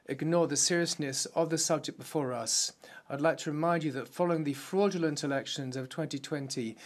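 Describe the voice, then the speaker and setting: A man giving a formal, measured simultaneous interpretation of a parliamentary speech. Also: fairly high pitch.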